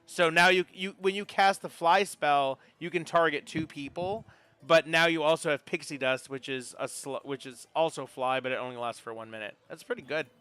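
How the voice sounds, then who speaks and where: A man's voice: a little high, normal speed, pushed and bright, clean tone, dry recording. A man running a tabletop game as game master, chatty, checking rules aloud with stumbles.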